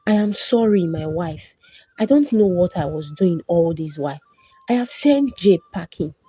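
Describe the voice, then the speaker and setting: A man's voice: sits high, animated, normal speed, warm tone, slightly rough, soft background music. A woman doing an emotional husband. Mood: pleading. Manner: emotional, pleading. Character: bewitched husband, confused then remorseful.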